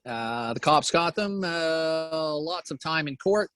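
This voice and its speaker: A middle-aged man from New Brunswick, Canada, talking as an interview guest, halting, with many fillers and restarts. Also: a little high, expressive, fairly bright tone. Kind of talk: casual interview chat.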